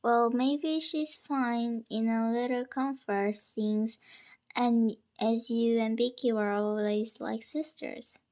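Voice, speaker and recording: A nervous, fussing mother speaks in gentle, sometimes whispered tones, read aloud by a woman. The delivery is slow and sits a little high. It is the plain, unhurried sound of someone reading a novel aloud. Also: level tone. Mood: worried.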